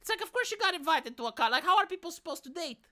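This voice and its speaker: A woman's voice: very high voice, racing. A woman with a Romanian accent, ranting in casual, profane commentary on a live stream. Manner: profane, exasperated, animated.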